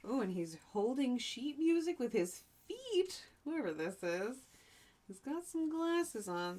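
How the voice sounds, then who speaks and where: Slow, lively-voiced woman teacher reading aloud. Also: a little high. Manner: chatty, adds asides and explains words. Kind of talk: reading a picture book aloud to young children.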